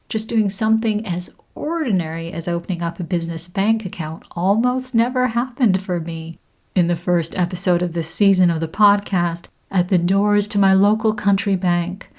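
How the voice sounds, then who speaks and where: A woman hosting her podcast in slow, soft scripted narration that often drops to a whisper. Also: mid-range voice, low-quality recording. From Canada. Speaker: podcast host.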